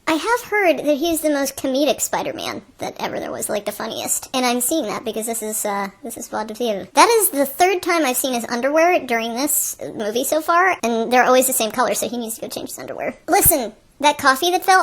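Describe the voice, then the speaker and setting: A woman hosting an improvised movie-review show, giving casual running commentary with rambling asides and quick questions, sometimes dropping to a soft whisper. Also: high voice, big pitch swings. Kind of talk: casual running commentary while watching a film.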